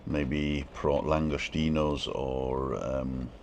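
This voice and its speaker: A man's voice: a bass voice, flat delivery, takes it slowly, a little mellow. A man hosting a casual live stream, rambling about food and reading viewer comments aloud. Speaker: vlog host. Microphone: own microphone.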